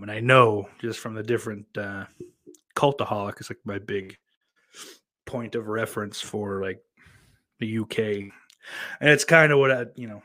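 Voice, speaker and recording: A man's voice: on the low side, a bit bright. A man with a Southern US accent, hosting and reading chat messages aloud, rambling and swearing bluntly. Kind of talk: casual chat.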